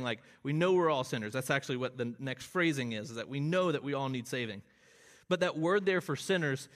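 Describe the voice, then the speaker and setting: A man's voice: mid-range voice, fairly bright tone. A man preaching an expository sermon, earnest and explanatory, rising to emphatic bursts on key phrases. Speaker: pastor.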